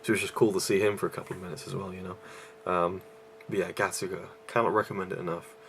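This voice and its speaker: Breathless man with a low, gravelly voice. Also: flat delivery, fast talker, slight background noise. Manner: rambling, with many fillers and restarts. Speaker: YouTube movie reviewer. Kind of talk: casual vlog review.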